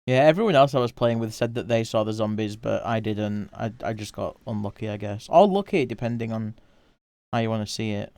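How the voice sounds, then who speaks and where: Easygoing male streamer, smooth voice. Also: lowish voice, brisk, darkish tone, dry recording. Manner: easygoing, rambling, chatting with viewers. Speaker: livestreamer. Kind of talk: casual livestream chat while drawing.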